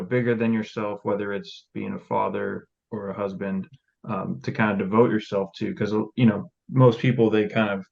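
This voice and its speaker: Low gravelly host guy asking questions, kinda muffled lo-fi audio. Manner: relaxed, loose phrasing with fillers. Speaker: podcast host. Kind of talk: casual interview questions.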